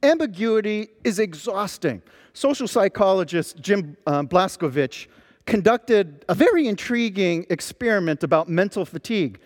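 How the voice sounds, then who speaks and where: A man preaching a sermon, telling stories with lively emphasis as a pastor. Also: high voice, long reverb tail. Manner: animated storytelling preacher.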